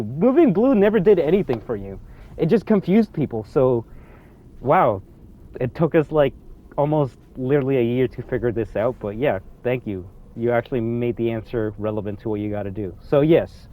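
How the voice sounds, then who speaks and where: A young man giving excitable, rambling commentary over a game, swinging between low mutters and loud outbursts. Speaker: gaming youtuber. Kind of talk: ranting gameplay commentary.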